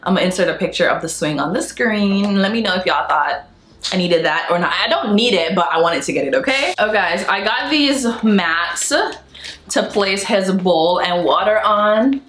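A woman's voice: medium pitch, animated, moderate pace, a bit bright, reverberant, slight background noise. Chatty young woman gushing to her viewers. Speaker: vlogger. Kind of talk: casual haul vlog chat.

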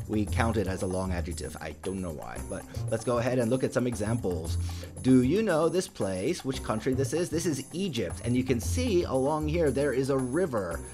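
Lively, animated male English teacher. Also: medium pitch. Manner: slow, careful pronunciation with emphatic stress. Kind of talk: scripted English lesson for learners.

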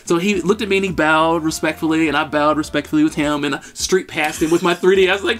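A man in his thirties co-hosting a podcast, telling a story in an animated, excitable way. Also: a little high, fast, few pauses, background noise. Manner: animated, excitable, shouts at peaks. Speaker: podcast co-host. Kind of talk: casual storytelling chat.

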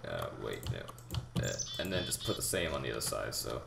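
A young man giving a rambling, halting game tutorial, full of fillers and restarts, talking as if out of breath. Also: rumbling low, very animated, vocal fry, over music. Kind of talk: casual gameplay tutorial. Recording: echoey room with loud background noise. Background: keyboard typing and mouse clicks.

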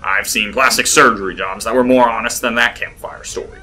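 Guy voicing a dry sarcastic middle-aged cigar-chewer, really bright sharp tone. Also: medium pitch, steady tone, a little fast. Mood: storytelling. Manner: dry, teasing, drawling. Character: wry, sarcastic middle-aged man, cigar-chewing storyteller.

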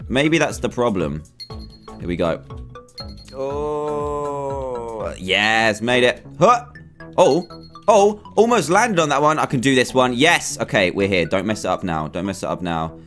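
Excitable young man commenting on a game. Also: on the low side, moderate pace. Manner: animated, exclaims and groans at near-misses. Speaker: gaming YouTuber. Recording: faint game music behind.

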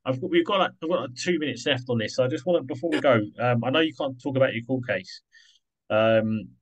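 A man's voice: medium pitch, fast, muffled recording. A man hosting an interview, talking in a loose, rambling, conversational way. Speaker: host. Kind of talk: casual interview chat.

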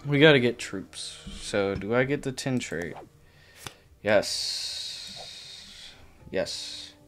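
A man's voice: medium pitch, lively intonation, extremely slow, a bit bright, faint music behind. A man commentating on his own gameplay, exasperated and swearing casually as he talks straight to the opponents on screen. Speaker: gaming channel host.

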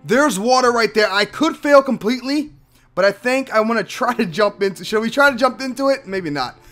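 A man hosting a Minecraft let's play, shouting and yelping at the falls, then muttering to himself as he works out each puzzle and talks to viewers. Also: very high-pitched, a little fast, faint music behind. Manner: excitable, yelps and shouts at falls, then mutters while thinking. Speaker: gaming channel host.

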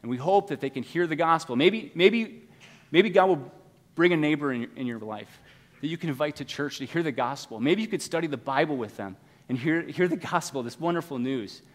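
A man preaching a sermon as pastor, swinging between loud, urgent appeals and hushed, quiet passages. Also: on the high side, expressive, a little fast. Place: church sanctuary. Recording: long hall reverb.

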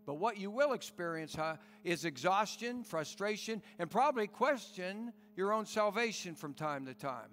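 A man's voice: high voice, animated, moderate pace, hardly any pauses, fairly bright tone, in a large hall. A man pastor preaching a sermon in an earnest, pleading way with rhetorical questions.

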